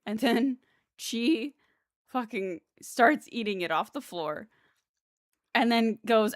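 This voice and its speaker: A woman's voice: slow, no room sound, studio quality. A young woman livestreaming a video game, chatting casually and rambling with lots of fillers, laughs and playful voices for her cats. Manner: talks to her pets in playful squeaky voices. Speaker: streamer playing a video game. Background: game music.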